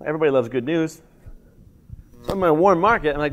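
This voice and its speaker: Quick, laid-back male co-presenter. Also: a little high. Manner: casual and joking, says bro and dude. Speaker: workshop co-presenter. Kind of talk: live workshop talk.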